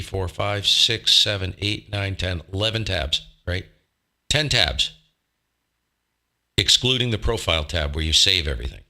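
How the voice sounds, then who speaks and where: A man's voice: mid-range voice, bright, forceful tone. A man hosting a casual ham radio live stream at his desk mic, rambling and self-deprecating as he asks rhetorical questions. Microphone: desk microphone.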